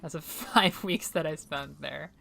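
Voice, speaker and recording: A woman's voice: low-pitched, a little slow, vocal fry, fairly bright tone, soft background music. A young woman from New England, casually chatting and rambling with lots of fillers and laughter while streaming a game. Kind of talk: casual gameplay commentary.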